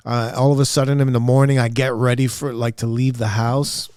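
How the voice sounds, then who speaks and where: Guy rambling solo on his podcast, mid pitch, super dry mic sound, jokes at his own expense. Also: level tone, fairly quick, a little mellow, smooth, dry recording. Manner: rambling, candid, self-deprecating, with frequent fillers. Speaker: podcast host. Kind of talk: casual solo podcast monologue. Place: upstairs room at home.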